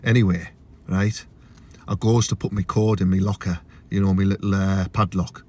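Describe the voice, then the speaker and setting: A young man with a Teesside accent delivering a crude, swearing comic rant to camera, his voice jumping high when he gets outraged. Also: fairly even intonation, moderate pace, dark tone. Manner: crude, ranting, swears freely, big pitch jumps when outraged. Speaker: comedian.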